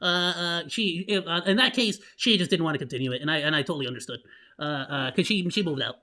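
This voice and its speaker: A man hosting a casual reaction stream, loud and rambling with many restarts. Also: fairly high pitch, quick pace. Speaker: vtuber host.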